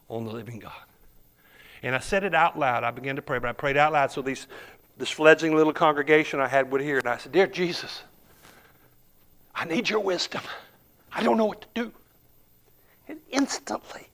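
A man preaching a sermon, telling a story, swinging from hushed murmurs to emphatic shouts. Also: medium pitch.

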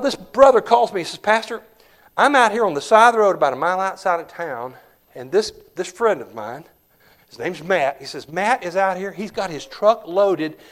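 A man preaching a sermon as pastor, swinging between loud declarations and hushed storytelling. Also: fairly high pitch.

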